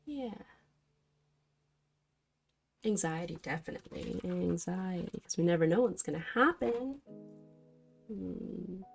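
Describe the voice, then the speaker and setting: A woman streaming a casual tarot study session, chatting warmly with her viewers and greeting them affectionately. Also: on the low side, expressive, a little slow, vocal fry, faint music behind. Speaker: streamer reading tarot cards. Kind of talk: casual livestream chat.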